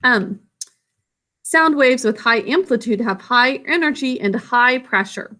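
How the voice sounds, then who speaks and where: A woman's voice: on the high side, expressive, a little slow, pushed and bright. A woman teacher explaining a science lesson in a casual, self-correcting way to young students. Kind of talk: recorded classroom lesson.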